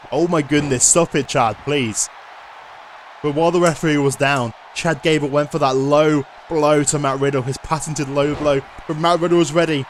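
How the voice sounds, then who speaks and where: A man giving lively play-by-play commentary over a wrestling video game, often bursting into loud excited shouts. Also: fairly high pitch, a little hiss or hum.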